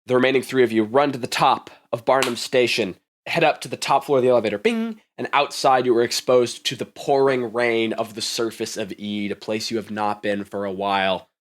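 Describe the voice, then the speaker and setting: A man runs a tabletop game as its narrator and game master. His voice is middle in pitch, and he describes scenes vividly, often breaking into laughter. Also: a little fast.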